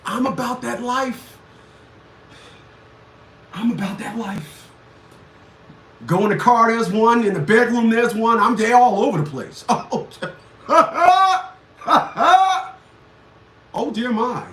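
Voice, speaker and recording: A man hosting a livestream, ranting crudely with loud laughs and shouted outbursts. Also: very high-pitched, expressive, takes it slowly, long pauses. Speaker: livestream show host. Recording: echoey room, far from the mic.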